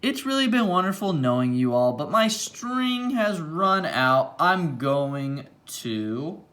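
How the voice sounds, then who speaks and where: A man voicing a gloomy old male toy in a storybook, resigned and slow to speak. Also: on the high side, big pitch swings, fairly bright tone, full character voice.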